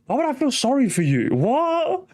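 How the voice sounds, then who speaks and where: A man's voice: extremely high pitch, wildly swooping pitch, moderate pace, a little mellow. A young man hosting a reaction commentary, ranting, mocking and swearing as he talks. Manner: ranting, mocking, profane, laughing. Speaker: commentary host.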